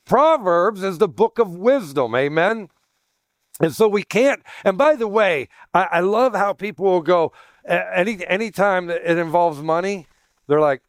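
A pastor in a sermon, teaching in a chatty way, with joking asides and questions for the congregation. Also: male voice, a little high, normal speed, dry recording, studio quality. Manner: chatty, jokey asides, asks the room questions.

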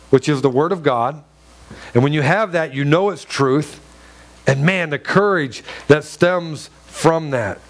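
A man preaching a sermon in a church, earnest and emphatic, with many rhetorical questions and repeated phrases. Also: fairly high pitch. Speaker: pastor.

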